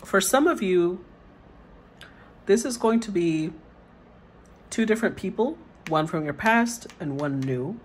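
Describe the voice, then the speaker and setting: Woman tarot reader, relaxed reading voice, mid pitch; reads the cards, then reflects on them. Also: a little slow, pauses often, slight background noise, rough recording. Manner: reads card meanings aloud, then muses on them.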